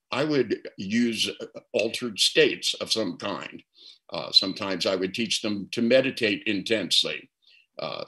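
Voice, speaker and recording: Older man with a bright, forceful voice. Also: lowish voice, low-quality recording. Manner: reflective, anecdotal, repeats words when starting. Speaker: guest therapist. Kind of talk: storytelling interview answer.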